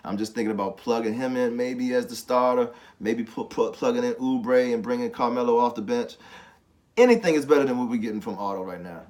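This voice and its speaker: A man's voice: mid-range voice, a little fast, darkish tone. Emphatic male sports podcast host. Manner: frustrated, emphatic, repeats points. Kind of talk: casual sports talk.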